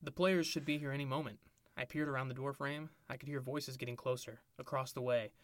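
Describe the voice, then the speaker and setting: Male podcast co-host, mid-range voice, deadpan fan-fiction reader, dry close mic. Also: mid-range voice, brisk, no echo. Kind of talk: reading fan fiction aloud for comedy.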